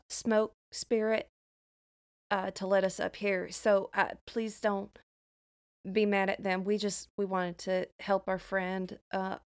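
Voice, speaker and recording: A woman's voice: medium pitch, clean tone. A woman playing a tabletop game, talking in a flustered, stammering way. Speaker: player. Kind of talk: tabletop role-play.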